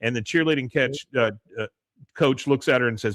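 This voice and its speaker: A man's voice: fairly quick, dry recording, clean studio sound. A man hosting a podcast, recapping a cartoon episode in casual chat, reading character lines in a raised voice and laughing often at the jokes. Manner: animated, lifts his pitch when quoting characters. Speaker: podcast host.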